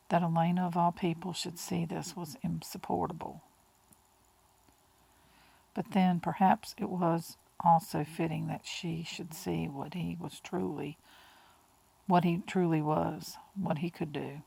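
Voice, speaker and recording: A woman reading an audiobook in a slow, hushed way, with breathy whispered words. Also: sits low, rough recording. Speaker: audiobook narrator. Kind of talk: audiobook narration.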